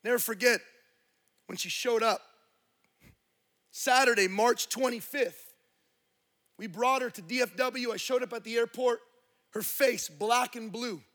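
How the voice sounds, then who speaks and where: A man's voice: very high voice, measured pace, long pauses, fairly bright tone. A man preaching a sermon to a congregation, telling a story with passion and quoting the people in it. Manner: impassioned storytelling with quoted dialogue.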